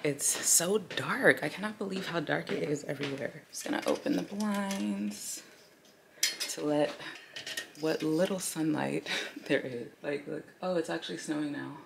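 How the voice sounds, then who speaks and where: A woman chats casually to her camera at home, her low voice froggy and gravelly from just waking up. She talks in a relaxed, chatty way and sometimes drops to a hush. Clicking noises are heard clearly behind her. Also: normal speed, noisy background. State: froggy morning voice. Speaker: vlogger. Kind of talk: casual vlog chat. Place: at home, indoors.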